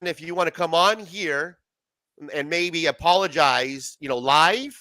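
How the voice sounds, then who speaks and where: A man with a high, bright voice chats loosely through a late-night livestream, cursing and laughing as he reads out comments. The sound is dry and close, with no room around it. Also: a little slow, dry recording. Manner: profane, laughing, loose banter. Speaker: livestream host. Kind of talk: casual livestream chat reading comments.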